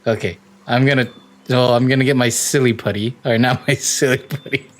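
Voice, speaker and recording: A man's voice: medium pitch, steady tone, brisk, background noise. A young man playing a tabletop game, laid-back, laughing often and slipping into his character's lines. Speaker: player. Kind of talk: casual tabletop play.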